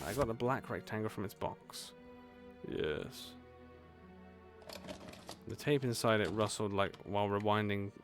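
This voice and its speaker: A man, a gaming streamer, reading a horror visual novel aloud with casual, swearing asides. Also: lowish voice.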